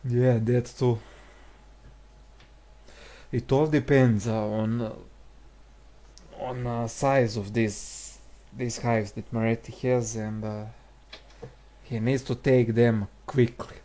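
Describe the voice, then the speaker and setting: A man calls a strategy game match at an unhurried pace, his voice mellow and dark. He keeps his pitch level and even, and often stalls on fillers before finishing a thought. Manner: hesitant, frequent filler pauses. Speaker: game commentator. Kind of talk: live game commentary.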